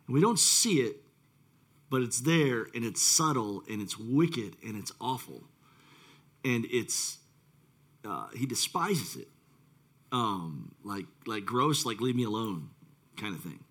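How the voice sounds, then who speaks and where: A man's voice: medium pitch, very animated, slow pace, long pauses, fairly bright tone. A male pastor preaching a casual, rambling sermon with many fillers and self-deprecating asides.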